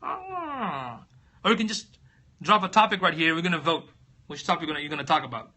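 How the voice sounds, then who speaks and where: A man's voice: fairly high pitch, racing, sharp tone. A man hosting a casual live stream, rambling and thinking aloud as he searches, reading out viewer comments and answering them. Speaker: livestream host.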